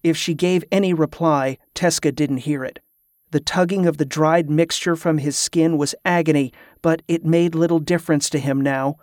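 A man reading a novel aloud in a steady, even narration. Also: on the high side, moderate pace, no echo, clean studio sound. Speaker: audiobook narrator. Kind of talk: scripted narration.

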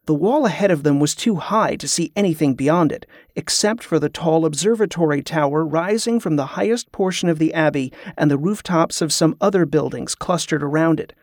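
A man reading a fantasy novel aloud as an audiobook narrator, in a steady, even storytelling manner. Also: a little high, fairly quick, few pauses, no room sound, clean studio sound.

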